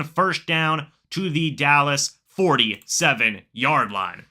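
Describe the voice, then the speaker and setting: A man hosting a live reaction stream, calling the plays himself and chatting with viewers. He gets excited during plays and mutters quietly in the asides. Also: fairly high pitch, a little slow, few pauses. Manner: excitable, bursts up when plays happen, then mutters asides. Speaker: live stream host doing play-by-play. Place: home, watching the game on screen.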